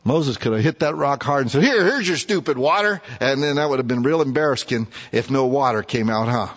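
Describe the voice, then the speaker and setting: A man's voice: medium pitch, fairly quick. A man preaching a sermon in a folksy way, acting out scripture characters in casual, everyday voices. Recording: muffled, echoey hall.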